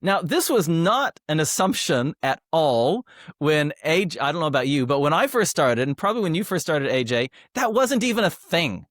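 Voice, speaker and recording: Fairly high-voiced male podcast host. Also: big pitch swings, normal speed, a bit bright, dry recording, clean studio sound. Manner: friendly, hesitant with restarts. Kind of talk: casual interview chat.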